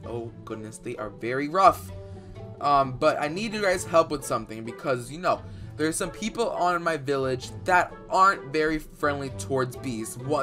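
A young man doing dramatic Minecraft role-play commentary, excitable and rambling with fillers, bursting into loud outbursts. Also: on the high side. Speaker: YouTuber playing a bee in Minecraft. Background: faint background music.

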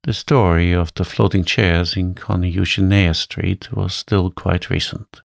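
A man reading a classic story aloud in a calm, soothing bedtime voice. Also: low voice, no echo, studio quality. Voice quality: soft, soothing, gravelly.

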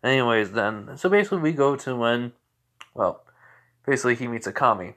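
A man's voice: mid-range voice, lively intonation, a little fast, a bit bright. A young man casually retelling a fan story, rambling with many fillers and restarts.

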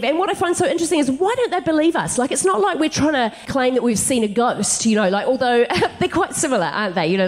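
A bubbly woman comic with a high, bouncing voice tells stories on a live stage. She giggles through her lines and darts into quick asides. A steady hum of noise sits under the stage mic. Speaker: comedian guest. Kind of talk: stand-up storytelling to a live audience. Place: comedy venue stage before a live audience.

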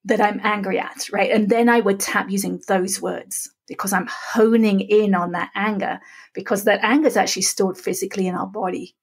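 A middle-aged woman speaks with a husky, slightly breathy tone at a middle pitch. She explains things methodically, step by step, and calmly repeats the practice phrases aloud. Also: normal speed. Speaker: podcast guest. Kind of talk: calm step-by-step instruction.

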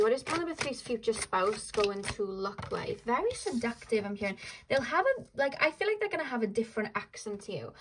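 A young woman chats her way through a tarot reading, rambling and filling gaps with "like" and "um". Her voice sits a little high for a woman. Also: slight background noise, rough recording. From Wales. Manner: chatty, rambling, frequent "like" and "um" fillers, laughs easily. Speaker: tarot reader. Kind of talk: casual tarot reading to camera.

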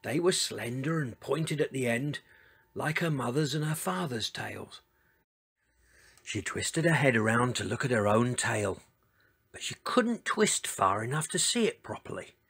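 A man reads a picture-book story aloud, slow and unhurried, with a slightly husky tone. His pitch swings widely as he voices the characters. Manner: lively, expressive reading with voiced characters. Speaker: storyteller reading to children. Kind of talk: children's story reading.

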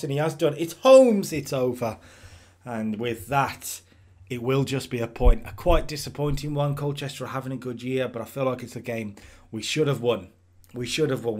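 A man casually commentating his own football management game, rambling and getting excited at big chances. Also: mid-range voice. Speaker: gaming commentator.

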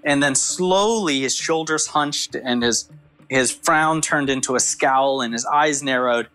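A man, a former FBI agent, recounting his experience in animated storytelling, acting out the dialogue. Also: mid-range voice, unhurried. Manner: acts out quoted dialogue with lively shifts.

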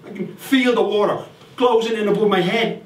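Dublin guy doing a sweary comic monologue, voice sits high, sounds far off in an echoey room. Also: moderate pace. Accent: Irish, Dublin. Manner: profane, animated storytelling with sudden outbursts. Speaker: performer. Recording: roomy, distant recording with faint noise.

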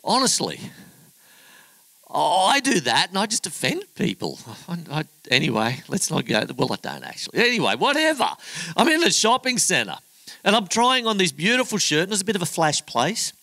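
A middle-aged pastor preaches in a chatty, joking storytelling style, acting out the people in his story. His voice is bright and ringing, and it swings up and down a lot. The sound is close and dry, with almost no room echo. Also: sits high, huge pitch swings, fairly quick, vocal fry. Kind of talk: sermon with storytelling.

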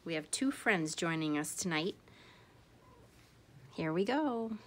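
A woman reading a picture book aloud for children, greeting them warmly and giving each character a voice. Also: lowish voice, slow pace, a little hiss or hum. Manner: expressive, animated character voices. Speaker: storytime reader. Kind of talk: read-aloud storytelling for children.

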